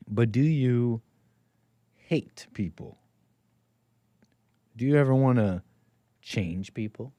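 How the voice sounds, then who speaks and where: Male call-in host, mid pitch, rambling teasing delivery, dry room. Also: no room sound. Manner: rambling, teasing, swings between loud bursts and mumbles. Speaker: host of a call-in livestream show. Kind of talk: casual solo livestream talk to chat.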